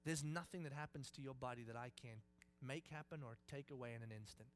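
A man voicing God as an all-powerful male deity, speaking in a hushed, slow and grave way within a sermon. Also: mid-range voice, slight background noise, voice pushed down, close to an everyday voice. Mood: solemn hush.

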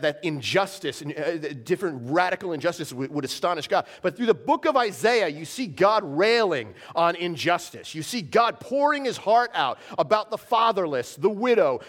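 Middle-aged guy preaching, kinda high voice, storytelling, gets loud then drops real quiet. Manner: animated storyteller, swinging from loud bursts to quiet lows. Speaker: pastor. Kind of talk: sermon.

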